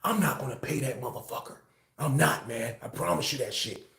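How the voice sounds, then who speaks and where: A man putting on a fed-up fellow inmate, talking low and mumbling wearily. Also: a little fast, vocal fry, a bit bright, roomy sound. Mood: weary, fed up. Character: worn-down male inmate, fed up and muttering.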